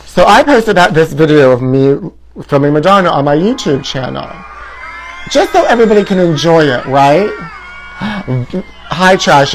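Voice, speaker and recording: A man hosting a comedy show, delivering a campy, sassy and theatrical tabloid gossip monologue. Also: on the high side.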